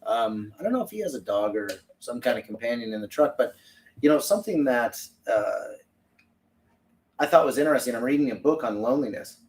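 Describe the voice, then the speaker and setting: A man's voice: mid-range voice, animated, fairly quick, darkish tone, a little hiss or hum. A middle-aged man co-hosting a casual podcast, rambling and chatty. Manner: rambling, chatty, reads viewer comments aloud. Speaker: podcast co-host. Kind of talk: casual livestream chat. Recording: distant from the mic.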